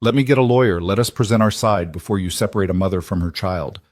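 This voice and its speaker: Brief: man voicing an angry protective rancher, raised and forceful, dry sound. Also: sits low, quick pace, dry recording. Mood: urgent. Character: protective rancher, hot-tempered, defiant.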